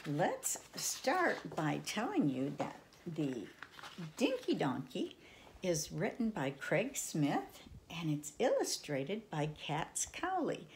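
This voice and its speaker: An older woman reading a picture book aloud to children, in a playful sing-song way with sudden soft whispers. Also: low-pitched, creaky, slight background noise. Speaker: children's storyteller.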